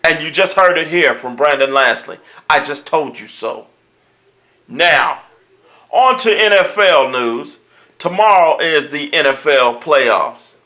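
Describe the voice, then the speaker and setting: A brash man calling his sports picks in a vlog, hammering home guarantees and stock phrases. His voice sits fairly high and very bright and forceful. The sound is dull and lo-fi. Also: lively intonation, takes it slowly. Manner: brash, emphatic predictions; repeats catchphrases. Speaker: sports show host. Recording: dull lo-fi recording.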